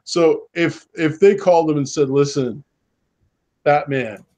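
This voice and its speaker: A Canadian man co-hosting a loose, casual podcast conversation. His voice sits a little high for a man. He rambles and slips into quick impressions of quoted dialogue. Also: mellow, highs cut off. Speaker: podcast co-host. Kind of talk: casual chat.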